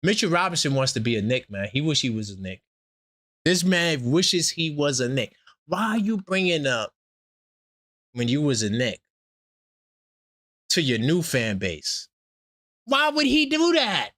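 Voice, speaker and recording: A man hosting a casual sports fan stream, talking animatedly and trash-talking, swinging between loud outbursts and low asides. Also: expressive, measured pace, long pauses, no room sound, studio quality. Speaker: sports channel host.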